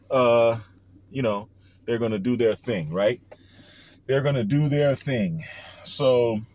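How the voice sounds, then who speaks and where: A man's voice: mid-range voice, darkish tone, slight background noise. A man with a New Orleans accent talking straight to his viewers in a rambling, hedging, conspiratorial way. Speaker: vlogger. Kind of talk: parody of a conspiracy-theory health vlog.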